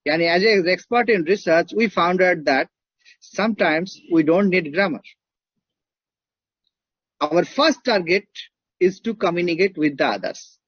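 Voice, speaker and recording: Indian guy teaching a class, kinda husky, keeps asking right?, muffled dry recording. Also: sits high, no room sound. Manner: emphatic, repeats points and checks in with "right?". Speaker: lecturer. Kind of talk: classroom lecture.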